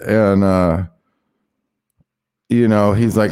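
A man's voice: on the low side, steady tone, slow pace, long pauses, darkish tone, smooth. A man, a guest, rambling through a casual story and acting out the quoted dialogue. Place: in Mexico.

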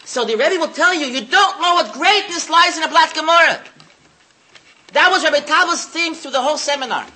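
Woman lecturer, storytelling style, emphatic, higher pitch, bright and sharp voice. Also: fairly quick, poor audio. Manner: animated storyteller, emphatic, repeats phrases. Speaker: religious lecturer.

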